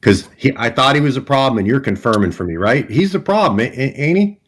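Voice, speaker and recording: A man's voice: medium pitch, lively intonation, fairly quick, breathy edge. A man voicing an earnest adult male survivor in a tabletop game, making a blunt, persuasive plea for peace.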